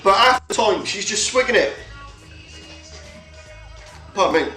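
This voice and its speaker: Sweary man, bright and roomy. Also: sits high, expressive, measured pace. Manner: sweary, rambling, colloquial. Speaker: livestream host. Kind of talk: casual chat. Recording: roomy echo, faint music behind.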